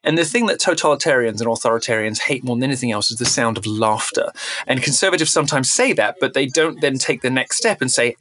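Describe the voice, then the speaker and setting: A man speaking as a podcast guest, animated and emphatic, often restarting his sentences. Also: medium pitch, fairly quick. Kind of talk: podcast interview talk.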